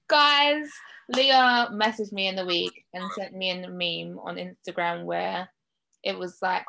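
A woman with an English accent co-hosts a casual podcast in a chatty, giggly way. Her voice carries a lot of gravelly fry at the bottom. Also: mid-range voice, big pitch swings, slow pace, sharp tone, low-quality recording. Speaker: podcast co-host.

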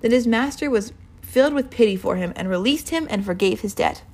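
A woman's voice: a little high, expressive, a little fast, a little mellow. A woman giving an informal, earnest sermon, casual and rambling, with many fillers and restarts. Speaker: Bible teacher.

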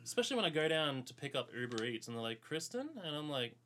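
A young Australian man co-hosting a casual podcast, giggly and animated. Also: mid-range voice, very fast, slight background noise. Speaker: podcast co-host, band member. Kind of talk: casual chat.

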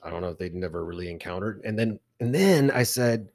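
A man's voice: fairly low pitch, animated, fairly quick, a little mellow. A man co-hosting a whiskey podcast, telling a long rambling story in casual chat with many restarts and asides. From Texas. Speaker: podcast co-host.

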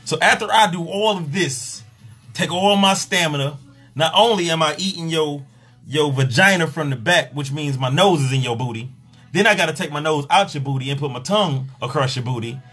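A man, a pleasure coach, in an exasperated, profane comedic rant in a husky voice. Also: a little high, a little fast, a bit bright, faint music behind.

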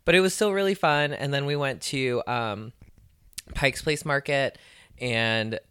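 A woman co-hosting a podcast, a stand-up comedian chatting casually and telling animated stories. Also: extremely low pitch, a little slow, clean tone, no echo, clean studio sound. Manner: chatty, animated storytelling with voiced asides. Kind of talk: casual chat.

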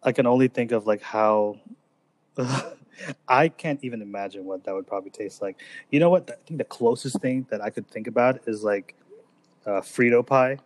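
A man co-hosting a casual podcast chat, relaxed and easygoing, laughing often. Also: medium pitch, moderate pace. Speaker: podcast co-host.

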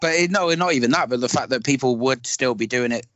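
A man on a casual film podcast who rambles, restarts his sentences and pushes his opinions with animation. His voice sits in a middle pitch. The recording is dull and dry. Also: quick pace, a bit bright, no echo. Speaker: podcast co-host.

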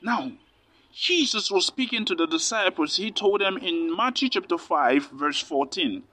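Nigerian guy preaching, earnest, keeps repeating himself, kinda high bright voice. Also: animated, a little slow, dry recording. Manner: earnest, repeats phrases for emphasis. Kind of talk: sermon. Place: Lome, Togo.

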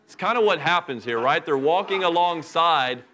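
A man's voice: on the high side, expressive, normal speed, sharp tone, slight background noise. A middle-aged man preaching a sermon in a conversational way, talking straight to the congregation and asking them questions. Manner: conversational preaching, acts out Bible characters in asides. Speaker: pastor.

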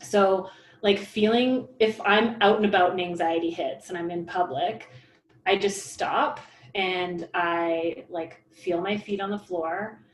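A woman's voice: on the low side, slow, a little hiss or hum. A woman talking in a casual, rambling chat, full of fillers and restarts. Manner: rambling, filler-heavy, animated. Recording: roomy echo.

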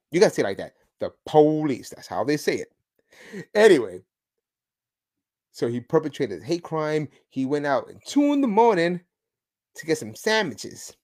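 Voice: mid-range voice, darkish tone. A podcast host delivering opinionated solo commentary in a sarcastic, mocking way, with emphatic outbursts. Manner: sarcastic, mocking, chuckling asides.

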